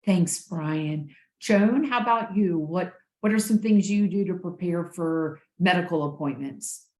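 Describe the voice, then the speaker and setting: A woman's voice: lowish voice, measured pace, darkish tone, roomy sound. A woman moderating a webinar panel, asking the guests brief, inviting questions.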